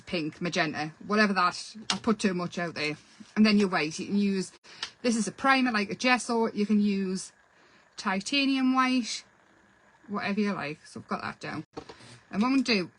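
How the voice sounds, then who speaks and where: A woman's voice: mid-range voice, poor audio. A woman hosting a casual painting tutorial, chatty and self-deprecating as she explains while she works. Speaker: craft channel host.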